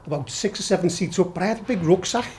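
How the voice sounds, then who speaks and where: Middle-aged Scouse bloke, raised voice, spins wild yarns with plenty of swearing and laughter. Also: male voice, high-pitched, fast talker, a little hiss or hum. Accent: Liverpool Scouse. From Liverpool, England. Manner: animated, swears a lot, laughs while telling. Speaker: podcast guest. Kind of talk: storytelling anecdote.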